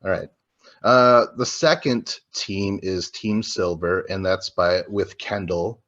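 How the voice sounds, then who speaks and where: A man's voice: low-pitched, takes it slowly, fairly bright tone, highs cut off. A man co-hosting a podcast, chatting casually and profanely about a reality show, joking and rambling. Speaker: podcast co-host. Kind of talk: casual podcast recap chat.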